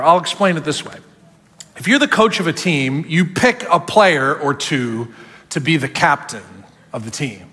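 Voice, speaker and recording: Male pastor, high and lively voice, sermon in a big echoing church hall, animated preaching. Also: measured pace, slightly rough.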